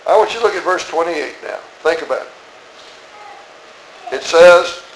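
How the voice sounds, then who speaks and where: Man, preacher, high voice, emphatic sermon, rhetorical questions, echoey church. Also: animated, moderate pace, slight background noise. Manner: emphatic, rhetorical questions, swings between soft asides and raised outbursts. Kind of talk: expository sermon. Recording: roomy echo.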